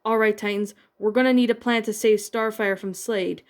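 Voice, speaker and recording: A woman voicing a calm, steady teen boy team leader in a fan-fiction reading. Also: mid-range voice, moderate pace, lightly acted. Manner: calming, steady.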